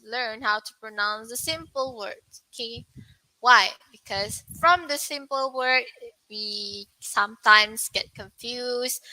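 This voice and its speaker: A young woman teaching an online English pronunciation lesson, asking viewers questions and repeating words slowly. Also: fairly high pitch, sharp tone, no echo, poor audio. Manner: slow, repetitive, questions to viewers.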